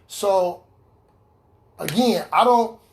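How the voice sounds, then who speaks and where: A man's voice: high voice, extremely slow. A man giving an earnest personal testimony in an online recovery meeting, repeating key lines for emphasis over a video call. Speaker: recovery speaker sharing his story.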